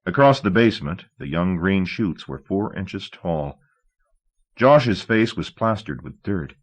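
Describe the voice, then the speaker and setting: A man narrating a novel in a measured, steady audiobook reading. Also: low voice.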